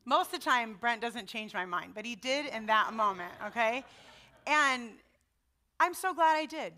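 A woman's voice: a little high, expressive, unhurried, pushed and bright. A middle-aged woman giving a sermon in a personal, conversational way, often checking in with her listeners. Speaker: preacher.

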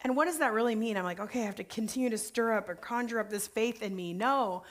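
A woman's voice: on the high side, fast talker. Candid, chatty woman pastor. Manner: candid, informal, uses "like" and "you know" often. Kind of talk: conversational faith talk.

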